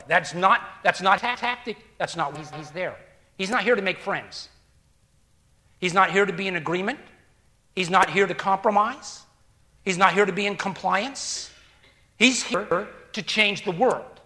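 A man's voice: sits high, measured pace, pushed and bright. A man preaching a sermon, reading scripture and commenting with emphatic rhetorical questions and repetition.

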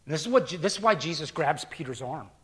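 A middle-aged man preaching a sermon as pastor, earnest, dropping to hushed near-whispers and rising to loud emphatic bursts. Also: fairly high pitch, animated, fast talker.

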